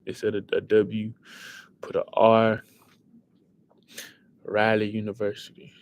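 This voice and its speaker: A young man hosting a casual livestream, thinking aloud through quiz answers and talking back to his chat in an excitable way. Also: on the low side, takes it slowly, lo-fi sound. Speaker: livestream host.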